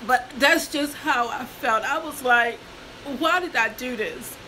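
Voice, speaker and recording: High-pitched tearful woman in her fifties. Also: measured pace, pushed and bright, a little hiss or hum, rough recording. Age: 50s. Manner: addresses viewers as y'all, breaks down crying. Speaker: mukbang vlogger. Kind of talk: emotional storytelling to viewers.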